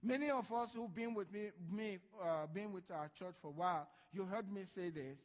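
A male pastor preaching a sermon, swinging from hushed lines to loud ones and acting out voices from Bible stories. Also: high-pitched, normal speed, long reverb tail.

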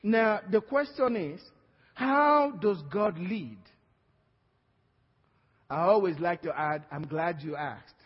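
A man's voice: high voice, lively intonation, takes it slowly, long pauses, breathy edge. A man with a Nigerian accent preaching a sermon, emphatic and calling for amens from the congregation. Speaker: pastor. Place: church hall. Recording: dull lo-fi sound with long hall reverb.

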